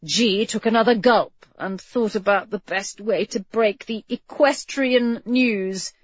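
A woman's voice: mid-range voice, slow pace, slightly rough, no room sound. A woman narrating a storybook in a wry, playful scripted read. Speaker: audiobook narrator. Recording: dull lo-fi, dry.

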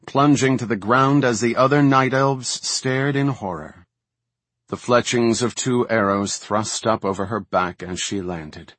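A man reading a fantasy novel aloud as an audiobook narrator, in a measured, even storytelling manner. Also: fairly low pitch, breathy edge, dry recording.

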